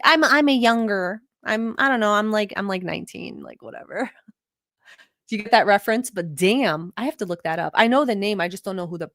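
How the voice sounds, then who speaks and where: Middle eastern-born woman doing reaction commentary, swears a lot, mid pitch, dry close sound. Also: animated, brisk, fairly bright tone, dry recording. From Middle East. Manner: blunt, profane, laughing asides. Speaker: reaction vlogger host.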